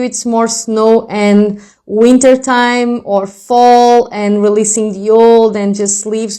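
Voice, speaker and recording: A woman's voice: a little high, darkish tone, smooth. A woman giving an intuitive reading straight to her viewers, reassuring and calling them "my loves". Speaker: spiritual reader.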